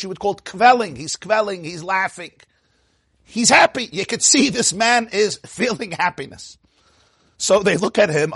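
A man giving a Torah lecture, telling a Talmudic story with animated storytelling and Hebrew and Yiddish phrases. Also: high voice, slightly rough, dry recording, studio quality. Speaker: rabbi teaching.

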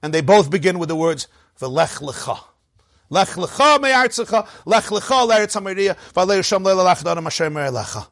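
Animated high-voiced man teaching a class. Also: fast, dry recording. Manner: animated, rhetorical questions, playful humor. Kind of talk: Torah class lecture.

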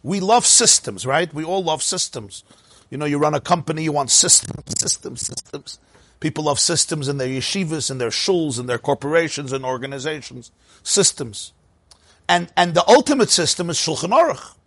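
A middle-aged man teaching a Torah class with a slightly high, husky voice. He talks in an animated way, throwing out rhetorical questions and doubling back on his words. The sound is dry and close, with little room around it. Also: fairly quick, no room sound. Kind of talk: Torah lecture.

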